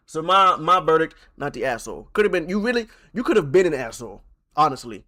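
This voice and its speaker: A young man streaming and reacting to online posts. He swings from loud outbursts to low mutters and restarts his sentences often. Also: very animated, quick pace. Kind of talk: live-stream reaction commentary.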